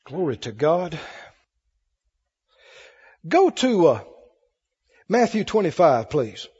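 A man's voice: fairly high pitch, big pitch swings, slow, darkish tone, husky. A man preaching a sermon to a congregation, emphatic and calling for responses. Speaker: pastor. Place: church hall with congregation. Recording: lo-fi recording in a reverberant hall.

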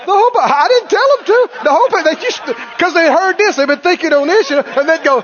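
Very high-pitched fiery male preacher. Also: expressive, fast talker, fairly bright tone, highs cut off. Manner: fiery, colloquial preaching with mocking asides. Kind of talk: sermon.

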